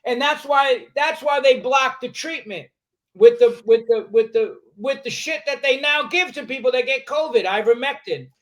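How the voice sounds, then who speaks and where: A man's voice: extremely high pitch, moderate pace. An older man from New York City with a New York accent, a podcast guest talking bluntly, profanely and combatively in casual conversation. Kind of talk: casual interview chat.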